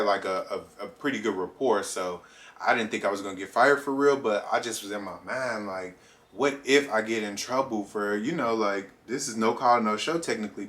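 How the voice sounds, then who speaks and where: A young man tells a casual storytime to his viewers in a slightly low voice. He is animated and acts out his own reactions. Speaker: vlogger.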